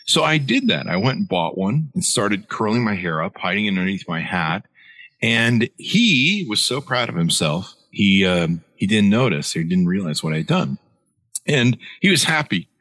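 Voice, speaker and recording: A man's voice: fairly low pitch, sing-song, moderate pace, a bit bright, no room sound. A middle-aged man, an author guest, telling a long story in an interview with many fillers and restarts.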